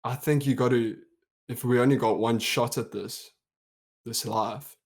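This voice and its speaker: A man's voice: mid-range voice, fairly even intonation, measured pace, breathy edge. Young South African man, podcast co-host, easygoing, reflective, casual chat, mid-range voice. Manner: easygoing, reflective, laughs easily.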